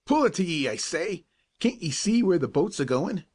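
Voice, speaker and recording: Guy reading as harsh bony boat captain, high and loud when he yells, barking orders at a kid. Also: sing-song, moderate pace. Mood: shouting. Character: bony, fierce male canal-boat captain, bullying and harsh.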